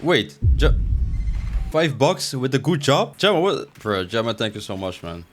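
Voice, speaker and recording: A young man giving casual, slangy commentary over his gameplay, jumping from excited outbursts to low mumbles. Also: unhurried, soft background music. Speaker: gaming streamer.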